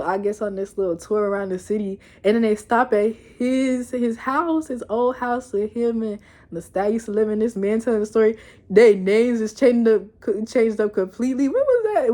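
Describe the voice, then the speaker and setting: A young woman giving a casual, animated recap of a TV episode, laughing and cursing as she tells it. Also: mid-range voice. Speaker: show reviewer. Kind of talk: casual chat video review.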